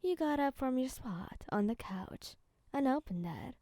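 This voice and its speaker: A woman calmly narrates a second-person fan story in a soft, even reading voice. Her voice is fairly high with a dark, mellow tone. The sound is close and dry. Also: a little slow, dry recording.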